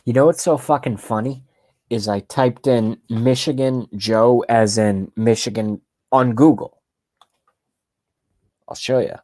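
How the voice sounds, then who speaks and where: A man's voice: medium pitch, steady tone, measured pace, long pauses, warm tone. Loose-talking, profane male vlogger. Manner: loose, profane, self-mocking. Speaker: vlog host. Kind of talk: casual rambling commentary.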